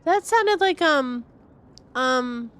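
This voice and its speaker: A woman's voice: high voice, lively intonation, drawn-out words, a bit bright. A woman gaming streamer giving casual reaction commentary, chatty and rambling, laughing often.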